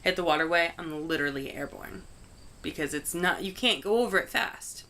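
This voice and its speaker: A young woman speaks in a fairly low voice, telling a story in a loose, chatty way. Her talk is full of "like" and the odd curse word. Faint crickets and insects sound in the background. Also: brisk, pushed and bright, slight background noise. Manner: chatty, heavy use of "like", frank swearing. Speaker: vlogger. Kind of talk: casual storytelling.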